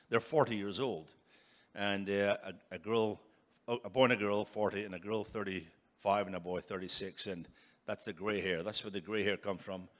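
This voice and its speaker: A man in his sixties preaching as a guest speaker, emphatic and building to loud calls for an amen. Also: lowish voice. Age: 60s. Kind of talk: sermon.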